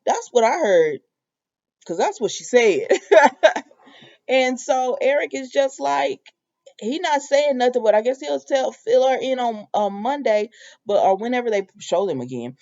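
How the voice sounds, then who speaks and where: Young woman chatting thru a soap recap, kinda high voice, opinionated, muffled lo-fi cam mic. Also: normal speed. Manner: animated, opinionated, talks straight to viewers. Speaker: soap opera recap host. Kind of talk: casual chatty episode recap. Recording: dull lo-fi home video audio.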